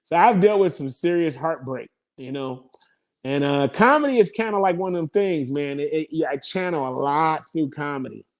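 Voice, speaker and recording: A comedian spins stories in a loose, profane interview style. He laughs between rambling asides. His voice sits a little higher than most men's. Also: normal speed. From United States. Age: 50s. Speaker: comedian guest. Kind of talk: casual interview storytelling.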